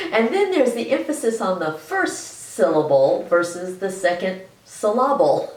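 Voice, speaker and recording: A woman teaches in a relaxed, chatty manner, laughing softly between her points. She speaks slowly and stretches key words, and her voice swings high and low. She sits a little back from the mic, and the room around her sounds roomy. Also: recorded from a distance. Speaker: health educator. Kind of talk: educational video lecture.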